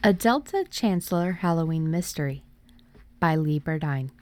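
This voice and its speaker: A woman's voice: low voice, lively intonation, normal speed, a little mellow, no room sound. A woman narrating a first-person Halloween mystery audiobook in a wry, playful manner.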